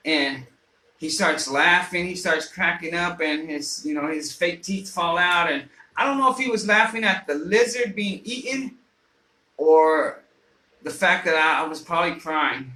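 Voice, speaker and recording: A man's voice: fairly high pitch, animated, a little slow, pushed and bright. A man on the radio telling a personal story in a casual, rambling way, swearing often and restarting his sentences. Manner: rambling, profane, frequent fillers and restarts. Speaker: radio host. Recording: roomy echo.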